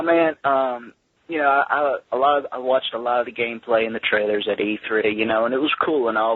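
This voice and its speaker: A man's voice: lowish voice, slightly rough, no echo. Tired Southern man calling in by phone. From Mississippi, US. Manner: friendly, relaxed, stumbling. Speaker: caller. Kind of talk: casual call-in chat. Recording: dry phone-line audio.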